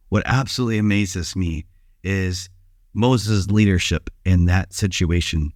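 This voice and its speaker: A male pastor giving a short daily devotional, preaching in a relaxed, conversational way with some filler sounds. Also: low voice, a little slow, no echo, studio quality.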